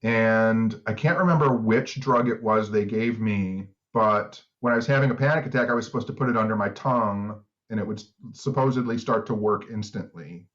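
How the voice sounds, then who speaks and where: A man's voice: on the low side, normal speed, hardly any pauses. Rambling middle-aged man, dull lo-fi sound. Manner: rambling storyteller, many "like" fillers. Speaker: podcast co-host. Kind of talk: casual chat.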